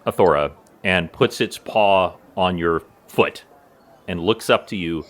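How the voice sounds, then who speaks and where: A man narrating as game master of a tabletop game, lively and laughing easily. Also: sits low, measured pace.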